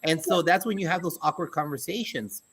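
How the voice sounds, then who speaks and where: A man's voice: on the high side, a little fast, fairly bright tone, husky. A man co-hosting an education talk show, speaking emphatically and dropping folksy sayings. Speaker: podcast co-host, school administrator. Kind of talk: casual conversational talk.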